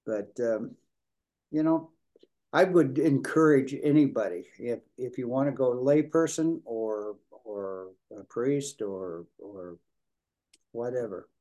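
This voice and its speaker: An older man, an Episcopal priest, answering interview questions in a halting way, repeating words and leaning on fillers. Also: mid-range voice, mellow. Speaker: Episcopal priest, prison minister.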